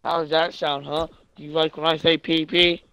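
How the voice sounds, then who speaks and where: A young man live-streaming a game, loud and crude, mocking what he watches and laughing often. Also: a little high, little pitch movement, moderate pace, clear, resonant tone, no room sound, highs cut off. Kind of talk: casual live-stream commentary.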